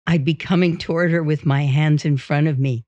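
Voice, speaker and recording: A woman reading a first-person memoir aloud in a steady, unhurried way. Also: low-pitched, no room sound. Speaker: audiobook reader. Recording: dull, dry.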